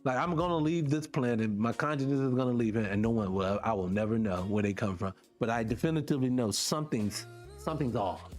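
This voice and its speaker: With faint music behind him, a middle-aged man runs a radio show at a slightly quick pace. His manner is lively and conversational, full of rhetorical questions, with sudden pitch rises as he gets worked up.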